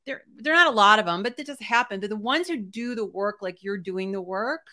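Woman host, bright clear tone, animated and talkative coach, casual interview. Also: medium pitch, a little fast. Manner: lively, talkative, laughs often. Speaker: art business coach and host.

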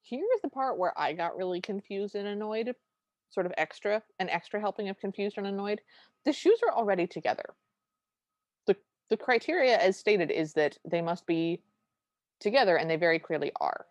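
A woman's voice: medium pitch, lively intonation, no echo, dull audio. A woman co-hosting a podcast, recapping a film in casual chat with wry exasperation. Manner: wry, exasperated, recounts scenes with quick impressions. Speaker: podcast co-host.

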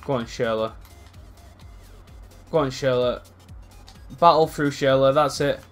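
A young man commentating on his own football video game match, sweary and excitable, swinging from low mutters to loud outbursts. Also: measured pace, faint music behind. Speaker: gaming YouTuber.

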